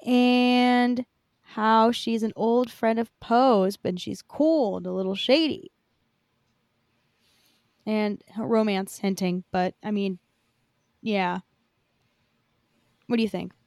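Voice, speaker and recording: A woman's voice: on the high side, steady tone, slow, pauses often, darkish tone, no echo, studio quality. A woman co-hosting a podcast, recapping news in casual chat with many fillers. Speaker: podcast co-host.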